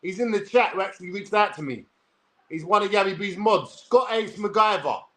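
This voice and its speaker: A young man with a London accent rambles through a livestream story. He is brash and sweary, and his voice sits fairly high for a man. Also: fairly quick, a bit bright.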